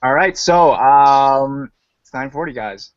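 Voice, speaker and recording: A man hosting a casual online livestream, talking in a loose, rambling way with frequent laughs. His voice sits at an ordinary middle pitch. The sound comes through a slightly dull, muffled online call line. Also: takes it slowly, no echo. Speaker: podcast host.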